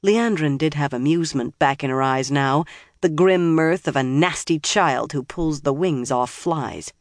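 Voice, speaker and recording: An audiobook narrator reading fantasy prose in a steady, measured way. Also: medium pitch, no echo, studio quality.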